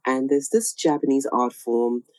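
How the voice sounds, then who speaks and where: A woman with a deep, warm-toned voice hosts an interview. She speaks in a measured, reflective way and gently encourages her guest. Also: rough recording. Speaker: podcast host.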